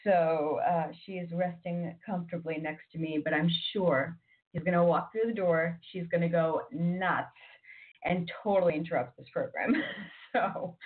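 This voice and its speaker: A chatty woman hosts a radio program, rambling through announcements with plenty of ums and restarts. Her voice sits a little low and sounds thin and tinny, as if heard over a phone line. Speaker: radio host. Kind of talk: casual radio chat.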